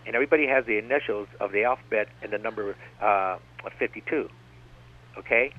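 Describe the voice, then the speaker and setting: An American man on a tinny phone-line radio broadcast, speaking as a guest with a fairly low, brisk voice. He rambles and digresses, often circling back with "like I said."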